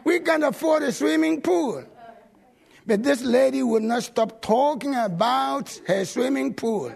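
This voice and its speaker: A male pastor telling stories in a sermon, animated and swinging from loud bursts to low asides. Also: unhurried, vocal fry, husky. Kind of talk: sermon storytelling.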